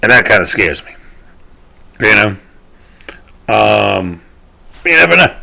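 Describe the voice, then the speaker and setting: A Southern US podcast host rants casually by himself, rambling, swearing, and trailing off only to begin again. His fairly low voice has big pitch swings and a slow pace, and it sounds creaky, bright, and forceful.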